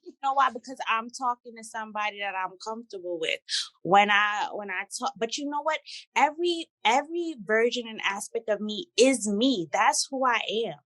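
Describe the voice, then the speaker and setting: Woman, New York accent, from Brooklyn, frank and lively, casual conversation, dry close sound. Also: medium pitch, no room sound, rough recording. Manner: lively, frank, switches between speech registers. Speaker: podcast guest.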